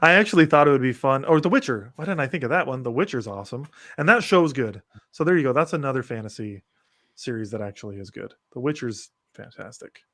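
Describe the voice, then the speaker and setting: A man in casual podcast chat who rattles off book titles and opinions in a loose, rambling way. His voice sits at an ordinary middle pitch. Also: lively intonation, quick pace, a bit bright. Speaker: podcast host.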